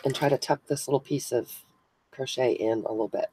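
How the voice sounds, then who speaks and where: A woman's voice: rumbling low, fairly quick, dark tone, a little hiss or hum, poor audio. A woman hosting a casual craft live stream, chatting with viewers by name as she glues buttons and thinks aloud. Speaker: craft channel host. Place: indoors at a crafting table.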